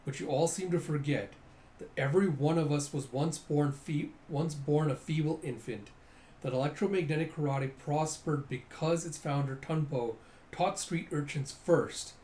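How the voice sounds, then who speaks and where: A man voicing a proud karate master who now regrets his past, speaking slowly and solemnly. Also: fairly high pitch, mellow, lightly acted. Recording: roomy echo, faint noise.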